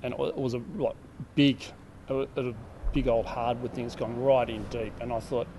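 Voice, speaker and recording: A man's voice: mid-range voice, fairly even intonation, moderate pace, background noise. An Australian man from a school's staff telling a funny story, laughing easily. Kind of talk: documentary interview.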